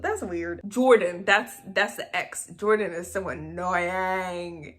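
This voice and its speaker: A woman's voice: lowish voice, takes it slowly, few pauses, a bit bright. Sarcastic young woman recapping a movie. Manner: sarcastic, laughing asides. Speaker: movie review vlogger.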